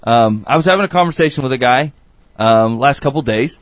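A man's voice: medium pitch, expressive, fairly quick, no echo. A man on a podcast earnestly telling a story about counseling a friend, rambling with many restarts and quoted dialogue. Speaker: regular podcast guest giving advice. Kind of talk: casual podcast chat and storytelling. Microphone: studio mic.

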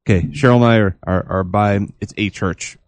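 A man co-hosting a podcast, telling a long dream story in a rambling, animated way with many restarts. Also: fairly low pitch, fairly quick, no room sound. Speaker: podcast co-host.

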